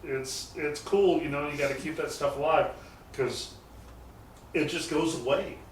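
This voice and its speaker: A man with a somewhat high, steady voice, a garage shop owner appearing as a guest, tells loose, rambling anecdotes about his shop, cursing mildly now and then, in a casual chat. He speaks a little slowly, sitting some way from the mic in a roomy garage that echoes noticeably, with faint noise humming underneath.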